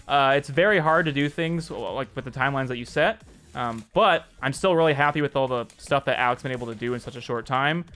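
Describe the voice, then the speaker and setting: A man's voice: fairly high pitch, a bit bright. A man streaming and showing off his own game, chatting in an upbeat way and thanking viewers by name. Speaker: streamer and indie game developer. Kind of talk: casual live-stream commentary.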